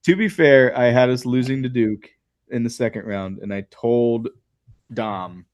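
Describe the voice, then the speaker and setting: A man's voice: mid-range voice, unhurried, darkish tone, dry recording, studio quality. A man co-hosting a podcast in casual chat, laughing often and teasing the others. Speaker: guest co-host.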